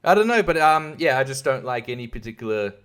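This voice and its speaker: A man's voice: medium pitch, big pitch swings, quick pace, a bit bright, clean tone. An Australian man hosting a podcast, ranting in a casual monologue that is profane and sarcastic, laughing often. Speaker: podcast host and comedian.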